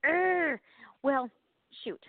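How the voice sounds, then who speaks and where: A woman co-hosting a casual faith podcast, chatty and animated, laughing at herself as she talks. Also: sits high, very slow, phone-quality sound, background noise. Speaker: podcast co-host.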